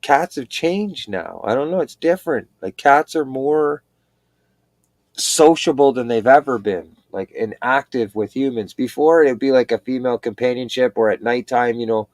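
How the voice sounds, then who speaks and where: Rambling, animated man, dry sound. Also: medium pitch, moderate pace, dry recording. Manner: rambling, animated storytelling with laughs. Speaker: livestream chat participant. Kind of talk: casual chat.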